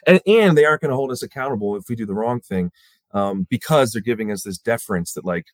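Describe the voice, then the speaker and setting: A man's voice: mid-range voice, no echo. A man speaking as a guest in a casual conversation, restarting often and acting out quotes. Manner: halting restarts, acts out quotes.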